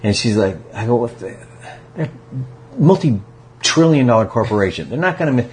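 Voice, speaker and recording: A man as a podcast guest, talking casually about recovery and acting out quotes in animated stories. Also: medium pitch, brisk, slight background noise.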